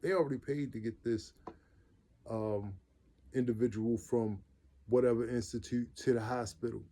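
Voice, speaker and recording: Earnest man with a mellow voice. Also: mid-range voice, steady tone, normal speed. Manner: earnest, repeats phrases for emphasis; loose everyday speech with restarts. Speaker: vlogger telling his own life story. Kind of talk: casual personal storytelling.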